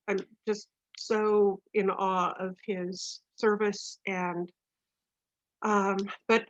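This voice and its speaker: A woman in her sixties chats through introductions on a video call, gushing and quick to laugh. Her voice sits in a mid register, heard dry and close. The audio is dull and lo-fi, like a home computer mic. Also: medium pitch, no echo. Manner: warm, gushing, laughs often. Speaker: co-host, poet's wife.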